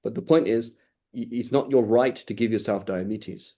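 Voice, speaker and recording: With a mellow, mid-range voice at normal speed, a man teaches an informal religious class conversationally. To hammer points home he repeats phrases, and he keeps checking in with the class by asking "right?" over and over.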